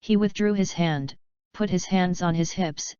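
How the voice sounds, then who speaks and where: A woman reading a fanfiction audiobook aloud in a steady, even narration. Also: fairly low pitch, a little slow, smooth, no room sound, highs cut off. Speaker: audiobook reader. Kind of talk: scripted narration.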